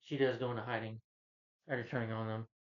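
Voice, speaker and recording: A man's voice: mid-range voice, little pitch movement, highs cut off. Rambling man recapping a movie. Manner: rambling, with many fillers, quick quoted lines of characters. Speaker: movie reviewer. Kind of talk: casual film recap.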